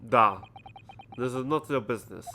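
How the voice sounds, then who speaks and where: A man voicing a gruff, self-important male sailor with a mock Russian accent and blunt broken English. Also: moderate pace, bright, forceful tone. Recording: low background noise.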